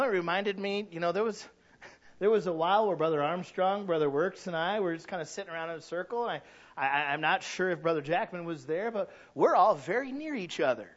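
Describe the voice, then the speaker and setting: A middle-aged man preaching a sermon, swinging from quiet conversational asides to loud shouted passages and acting out little scenes in voices. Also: sits high, lo-fi sound. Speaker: pastor. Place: church.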